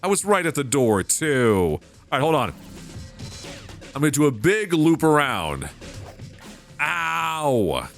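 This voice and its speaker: A man giving casual, excitable gameplay commentary, swearing and laughing as he plays. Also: fairly high pitch, slow pace, creaky, long pauses, soft background music. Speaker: let's play host.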